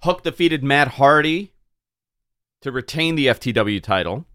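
Animated man telling wrestling stories. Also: medium pitch, a little slow, no echo, clean studio sound. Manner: animated storyteller, trails off and restarts often. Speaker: wrestling podcast co-host. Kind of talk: casual chat.

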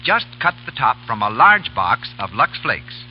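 Male ad announcer, lively pitch, very bright tone, persuasive. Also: measured pace, faint music behind, low-quality recording. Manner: enthusiastic, persuasive. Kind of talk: 1930s radio ad read.

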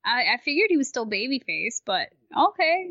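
A woman with a high voice chats casually as a podcast guest and laughs along as she talks. The recording is dry and dull, with no room sound. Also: big pitch swings, normal speed, sharp tone, no room sound. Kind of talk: casual chat.

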